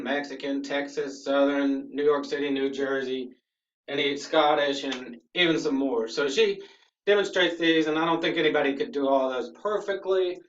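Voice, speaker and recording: A male teacher with a slightly raised voice, walking his class through a lesson and checking in with "okay?". The sound is roomy and distant, picked up from across the space. The recording itself is a bit dull. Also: a little high. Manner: patient, checks in with frequent "okay?".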